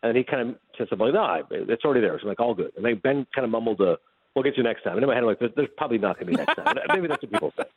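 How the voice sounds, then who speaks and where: Male radio guest on the phone, quick animated storyteller, tinny dry line. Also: mid-range voice, slightly rough, no room sound. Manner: animated, fast anecdote telling with acted-out dialogue. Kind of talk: casual storytelling chat.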